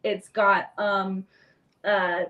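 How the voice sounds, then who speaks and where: A woman's voice: mid-range voice, little pitch movement, very slow, fairly bright tone, lo-fi sound. A young woman guest on a video call interview, chatting eagerly and peppering her talk with fillers. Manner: bubbly and chatty with filler words. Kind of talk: casual interview chat.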